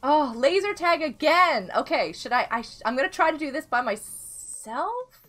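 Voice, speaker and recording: A woman streamer chats her way through a game, giggling often and calling out viewers by name. Her voice sits high and bright. Faint music plays under her. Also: expressive, normal speed. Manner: chatty, giggly, greets chat by name. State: unwell. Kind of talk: live game stream chat.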